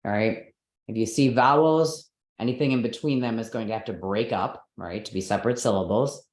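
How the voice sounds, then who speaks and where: A man's voice: lowish voice, a little fast, a little mellow, reverberant. A man teaching a lesson, explaining step by step in a patient manner and checking in often. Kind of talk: online lesson on Sanskrit pronunciation.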